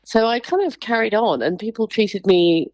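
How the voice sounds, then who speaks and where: A woman speaks on a radio interview, a lively storyteller who acts out the voices of people she has met and laughs often. Her voice sits at an average pitch. The studio microphone gives a close, dry sound with no room echo. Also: normal speed. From England. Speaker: interview guest, writer. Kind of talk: radio interview, personal anecdotes.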